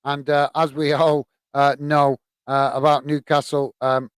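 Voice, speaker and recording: Fairly high-pitched but level and unhurried, this UK host's clear, resonant voice carries live match commentary and chat with viewers during a football watch-along. He's hesitant and full of fillers, and there's no room sound.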